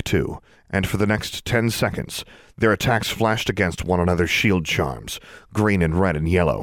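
A man reading a novel aloud in steady, even scripted narration. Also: low-pitched, dry recording, studio quality. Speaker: audiobook narrator.

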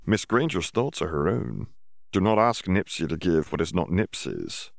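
A man's voice: low-pitched, sing-song, moderate pace, creaky, no echo, clean studio sound, heavily acted. A man voicing a humble, earnest male house elf who speaks of himself in the third person with odd grammar.

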